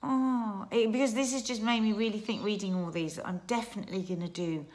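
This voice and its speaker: A middle-aged woman chatting warmly in a casual family vlog, emotional and restarting her sentences as she talks. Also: mid-range voice, steady tone, a little fast. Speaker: vlogger. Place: garden outdoors.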